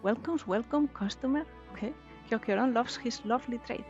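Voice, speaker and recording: A woman voicing a tiny chirpy male merchant in a high singsong voice. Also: fairly quick, darkish tone, dull audio, soft background music, close to an everyday voice.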